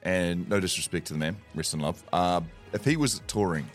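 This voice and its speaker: A man's voice: low-pitched, a little fast, soft background music. A man co-hosting a casual radio show, enthusiastic and agreeable. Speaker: co-host.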